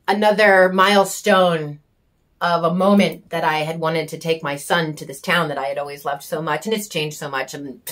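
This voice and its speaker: A woman's voice: on the low side, a bit bright. Raw, intense woman venting. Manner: raw and intense, with frequent swearing; repetitive emphatic phrasing. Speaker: vlogger sharing her story. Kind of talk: emotional personal monologue.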